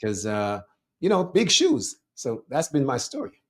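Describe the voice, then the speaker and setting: A man with a Jamaican accent, a life coach being interviewed, who explains his views in a thoughtful, measured way. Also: mid-range voice, huge pitch swings. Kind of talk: conversational interview.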